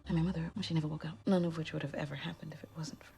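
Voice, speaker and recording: An actress playing a guarded young outcast witch who speaks in a hushed, halting way. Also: low-pitched, steady tone, creaky, slightly rough, full character voice.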